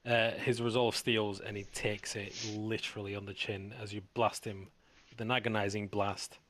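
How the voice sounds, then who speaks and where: A man's voice: on the low side, flat delivery, normal speed, a bit bright, dry recording. A man narrating as game master, laid-back, with many fillers.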